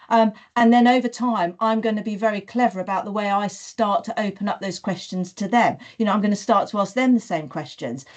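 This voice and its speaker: A woman talks through classroom practice in a teacher-training webinar. She speaks earnestly at a middle pitch, scatters "you know" through her sentences, and slips into model sentences as if speaking to young children. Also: a little mellow.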